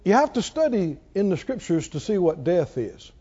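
A man preaching a sermon to a congregation, slow and measured, building up to shouted exclamations. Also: sits high, very animated, slightly rough. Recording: dull lo-fi recording.

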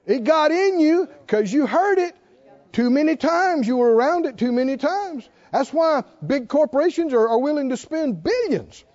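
A man's voice: very high voice, lively intonation, moderate pace, a little mellow. An older man preaching a sermon in an emphatic, folksy way with bits of humor, on a slightly dull lo-fi recording. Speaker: pastor.

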